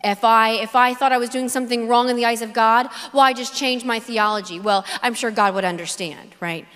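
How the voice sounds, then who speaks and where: A woman's voice: on the high side, fairly even intonation, a little fast, fairly bright tone, smooth. Earnest woman speaking in a reverberant hall. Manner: earnest storytelling with repeated phrases; acts out dialogue in quoted voices. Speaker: conference speaker. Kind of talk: personal faith testimony talk.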